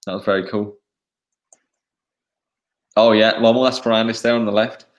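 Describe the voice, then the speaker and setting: Man, English accent, young adult, casual and halting, echoey room. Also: lowish voice, level tone. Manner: chatty, laughing, halting with fillers. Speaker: motocross racer, guest. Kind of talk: live online interview, casual chat.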